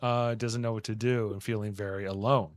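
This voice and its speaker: A man's voice: fairly low pitch, flat delivery, a little fast, no room sound. A man hosting a podcast, recapping an episode scene by scene in a rambling, casual way. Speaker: podcast host.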